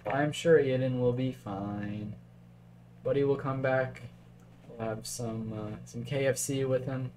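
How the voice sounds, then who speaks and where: A man's voice: mid-range voice, steady tone, a little slow, darkish tone, a little hiss or hum. Chatty male chess stream commentator. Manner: chatty, thinks aloud, reads chat. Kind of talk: casual live-stream commentary.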